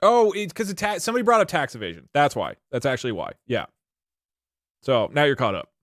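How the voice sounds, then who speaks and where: A man's voice: mid-range voice, big pitch swings, brisk, a bit bright, dry recording, clean studio sound. A young man hosting a stream, chatting casually and rambling through wry asides to his chat. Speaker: streamer host.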